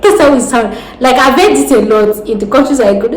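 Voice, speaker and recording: Nigerian-accented woman vlogger, lively and gesturing, slightly high voice, echoey room. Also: brisk. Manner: animated, talks with her hands, laughs often. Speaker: vlogger giving job advice. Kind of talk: casual advice vlog. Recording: roomy echo with faint background noise.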